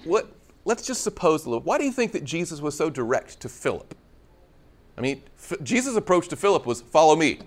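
A man's voice: on the high side, brisk. A man preaching a conversational sermon, acting out scripture dialogue with playful humor. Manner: conversational, animated, acts out biblical dialogue with humor.

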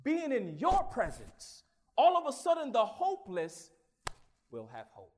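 A man preaching a sermon with his own testimony, swinging from hushed, halting recollection to loud exclamations, often stammering and repeating words. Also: very high voice, huge pitch swings, slight background noise.

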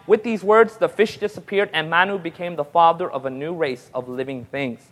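A man preaching a sermon, telling stories and rising to excited peaks with call-and-response amens. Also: normal speed, few pauses. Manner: storytelling, builds to excited high-pitched peaks. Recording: long hall reverb.

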